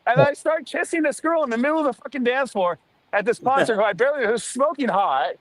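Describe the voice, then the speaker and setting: Man, high voice, animated storyteller, swears freely, very dry close mic. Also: no echo, poor audio. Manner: animated, profane, quick asides. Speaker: storyteller on a live stream. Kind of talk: casual storytelling.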